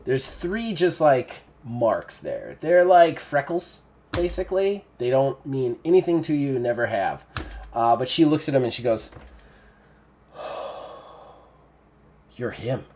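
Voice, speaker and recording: A man running a tabletop game as game master, narrating in an animated way with casual swearing. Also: mid-range voice, a little slow, slight background noise.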